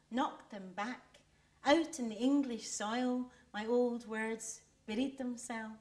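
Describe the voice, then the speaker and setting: A woman reciting a poem in a slow, deliberate and expressive way. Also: fairly high pitch. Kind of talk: poetry recitation.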